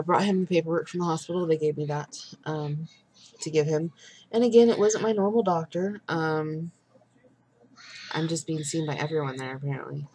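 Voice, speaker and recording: A young woman vlogging a casual video update, exhausted and frustrated, rambling with many pauses and fillers. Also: sits low, warm tone, slight background noise.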